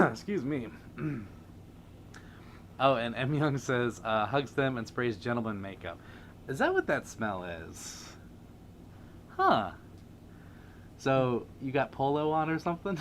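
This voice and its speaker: A man's voice: medium pitch, very animated, slow, pauses often, fairly bright tone, slight background noise. A man hosting a casual livestream, reading viewer comments aloud and laughing often. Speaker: livestream host.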